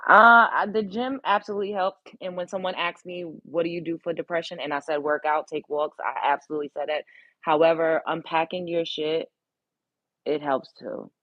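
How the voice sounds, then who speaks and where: A woman's voice: sits low, steady tone, a little fast, no room sound, muffled recording. A woman hosting a casual live stream, chatting bluntly with viewers and swearing freely. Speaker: livestream host. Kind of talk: casual live-stream chat reading comments.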